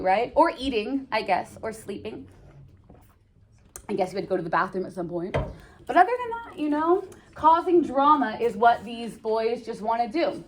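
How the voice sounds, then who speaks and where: A woman teaching a high school English lesson in a classroom. She explains the play in a chatty way, full of jokes and slang asides to her students.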